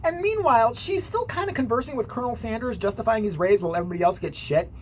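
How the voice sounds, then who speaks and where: A woman's voice: fairly high pitch, animated, quick pace, slight background noise. A woman vlogger giving casual, sarcastic commentary, swearing freely.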